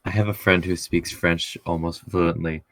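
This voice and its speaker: A man running a tabletop game, chatting casually with the players, crude and quick to laugh. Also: low voice, steady tone, a bit bright. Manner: laughing often, crude and joking. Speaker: game master. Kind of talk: casual chat between players.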